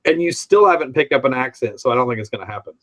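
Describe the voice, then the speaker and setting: A man's voice: mid-range voice, animated, rapid-fire, fairly bright tone, rough recording. A man from the Midwest hosting a casual live-stream chat, telling stories with many restarts and reading out viewer comments. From Midwest of the United States. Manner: rambling storyteller with frequent restarts.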